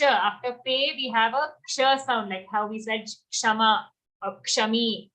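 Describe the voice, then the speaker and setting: Female recitation teacher, high bright tone, patient syllable-by-syllable drilling. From India. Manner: breaks words into syllables, repeats slowly. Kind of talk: pronunciation lesson with chanted verses.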